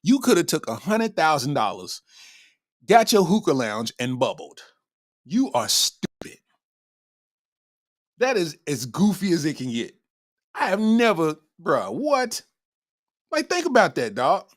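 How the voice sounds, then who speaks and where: A man hosting a comedy podcast, reacting loudly to a news story with exclamations, laughter and repeated punchlines. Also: high voice. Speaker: podcast host. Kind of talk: comedic commentary.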